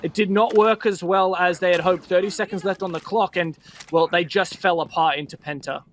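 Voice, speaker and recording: A man giving fast play-by-play esports commentary, excitable and bantering with his co-caster. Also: high-pitched, a little hiss or hum.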